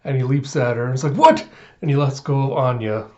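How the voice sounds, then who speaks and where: A man hosting his own reaction channel, retelling a story in an animated way and laughing often. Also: mid-range voice, fast talker, lo-fi sound. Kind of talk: casual reaction commentary.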